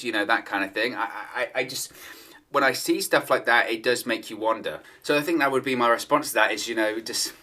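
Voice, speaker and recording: Man, wrestling news commentator, conversational, repeats himself for emphasis, bright tone, mid pitch. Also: fairly quick. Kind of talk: solo opinion commentary.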